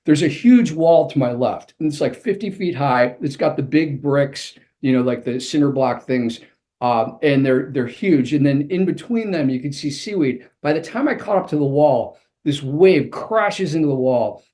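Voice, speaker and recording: Male interview guest, author and coach, slightly high voice, vivid storyteller. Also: animated, normal speed, warm tone.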